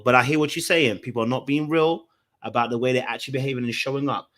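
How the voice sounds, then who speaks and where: A man hosting, giving casual commentary in a calming, reassuring way. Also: mid-range voice, fast talker. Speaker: host.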